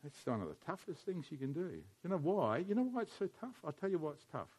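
A man preaching a sermon as a pastor, animated and acting out the voices of others. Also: fairly high pitch, fast, slightly rough.

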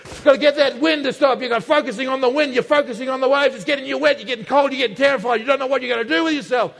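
A male preacher giving an emphatic sermon that swings between loud and hushed, heard in an echoey hall. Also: very high-pitched, very fast, vocal fry. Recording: echoey hall with long reverb.

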